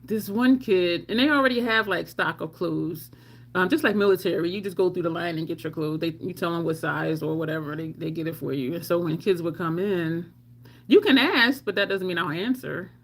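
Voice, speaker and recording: A middle-aged woman telling personal stories casually on a live stream. She is animated, laughs often, and acts out her own lines. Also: lowish voice, fairly quick. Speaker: livestream storyteller.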